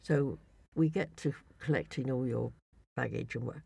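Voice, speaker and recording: Gravelly woman telling travel stories. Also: extremely low pitch, moderate pace, dark tone, no room sound. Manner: rambling with restarts. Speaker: guest recounting travels. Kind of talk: casual chat.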